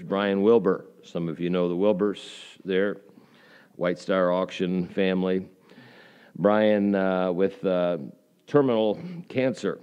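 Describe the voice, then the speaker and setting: A pastor delivers his sermon in a fairly low voice. He talks in a folksy, conversational way, asking questions of the congregation and pausing on fillers as he goes. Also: darkish tone, smooth, dull audio. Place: church.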